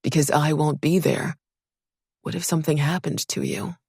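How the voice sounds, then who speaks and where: A woman's voice: low voice, fairly even intonation, normal speed, creaky, darkish tone, breathy edge, dry recording, clean studio sound, heavily acted. A woman reading the part of an earnest, protective young male soldier who speaks in intense, urgent questions in an audiobook. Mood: worried.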